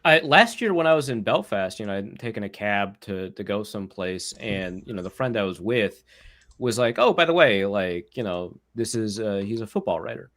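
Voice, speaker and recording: A man's voice: lowish voice, moderate pace. A man who writes about football, chatting casually on a podcast and telling a story with lots of acted-out dialogue. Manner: animated storyteller, acts out quoted dialogue.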